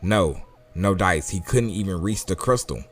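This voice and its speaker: A man with a low voice walks through a comic chapter in a relaxed, talkative way. He laughs often and corrects himself as he goes. Faint music plays behind him. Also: moderate pace. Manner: casual, chatty, laughs often. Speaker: manga reviewer. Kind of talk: casual chat.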